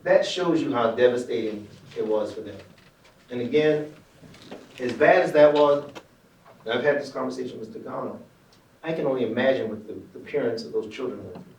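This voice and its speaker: A man's voice: mid-range voice, fairly quick, darkish tone, a little hiss or hum. Attorney man arguing in an echoey courtroom. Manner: emphatic, addressing the jury. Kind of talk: closing argument. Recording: echoey courtroom recording from far off.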